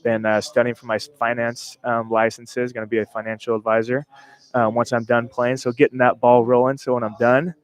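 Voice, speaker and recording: A young man in his twenties, a former college football player, casually telling stories in a radio interview in a relaxed, modest way. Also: mid-range voice, fairly quick, smooth, rough recording. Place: stadium club event.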